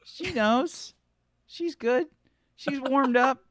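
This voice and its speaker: A man's voice: very high voice, extremely slow, a bit bright, no echo, clean studio sound. A man hosting and running a tabletop game, chatting casually and teasing his players with lots of laughter. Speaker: game master and host. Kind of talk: casual show intro chat.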